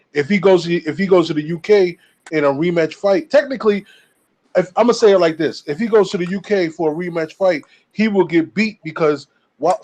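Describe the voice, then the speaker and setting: A man's voice: on the high side, a little mellow. A man calling in to a casual boxing debate, talking with many fillers and restarts. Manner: hesitant, fillers, repeats himself. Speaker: caller giving boxing take. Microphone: remote call.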